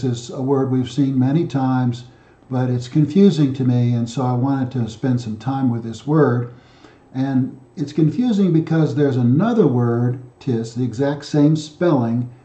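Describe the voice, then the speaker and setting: A man's voice: mid-range voice, mellow, roomy sound, muffled recording. A man teaching Greek grammar step by step, methodical and repetitive, often restarting his sentences with fillers. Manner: methodical, repeats himself with frequent fillers and restarts. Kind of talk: explaining grammar exercises.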